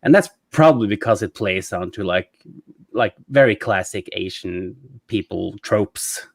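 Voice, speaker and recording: A man in his thirties with a Norwegian accent, chatting about a movie in a halting way, full of fillers and restarts. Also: lowish voice, gravelly, dry recording, studio quality. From Norway. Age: 30s. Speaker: podcast co-host. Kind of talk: casual movie discussion.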